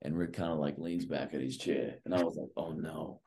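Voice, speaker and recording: With a bass voice, a breathy edge, and a fast delivery, a middle-aged basketball coach guest tells long-winded stories in casual chat. He's animated and loaded with asides and fillers, especially "like" and "right."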